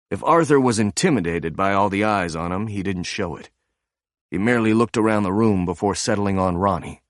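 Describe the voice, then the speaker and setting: Male narrator, low voice, measured reading, dry close recording. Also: no room sound. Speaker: audiobook narrator. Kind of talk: scripted audiobook narration.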